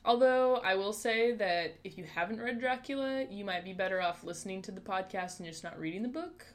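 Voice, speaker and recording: A woman's voice: mid-range voice, fairly quick. Giggly woman co-hosting a book podcast. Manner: giggly, joking. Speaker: podcast co-host. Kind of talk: casual book podcast chat.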